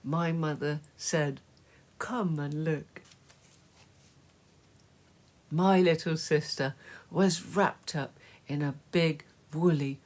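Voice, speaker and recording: A woman reading a children's story aloud, slow and gentle, dropping to soft whispers at times. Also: sits low. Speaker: storybook reader.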